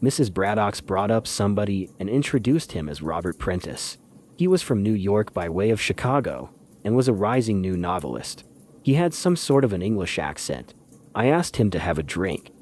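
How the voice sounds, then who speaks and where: A man narrating a novel as an audiobook, in measured, dry first-person storytelling. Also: lowish voice, very animated, darkish tone. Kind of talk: scripted literary narration.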